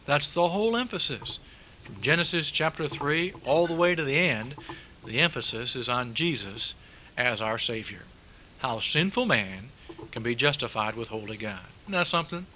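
A man's voice: mid-range voice, animated, normal speed, bright, forceful tone, a little hiss or hum, low-quality recording. A man preaching a sermon, emphatic, repeating key words and asking rhetorical questions.

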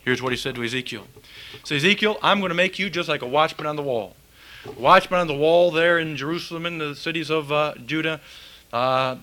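A man's voice: a little high, sharp tone. A man preaching a fiery, folksy sermon and reading scripture aloud.

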